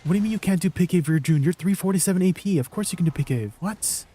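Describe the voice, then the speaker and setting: A man's voice: high-pitched, fast talker, warm tone, slightly rough. A young man streaming a game, answering his viewers in a teasing, incredulous way. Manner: incredulous, teasing replies to chat. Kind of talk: live stream chat with viewers.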